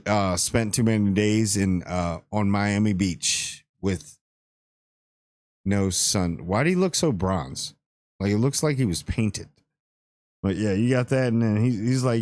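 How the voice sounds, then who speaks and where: Male host, low-pitched, talking loose and slangy through a spoiler review in a dry room. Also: darkish tone, no room sound. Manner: rambling and slangy, with playful asides.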